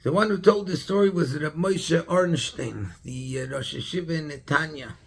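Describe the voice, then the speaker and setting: A rabbi tells a story in a Torah class with a gravelly, husky voice. He stops often to hunt for words and restarts his sentences. His voice sits fairly high for a man. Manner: halting, searching for words, many restarts.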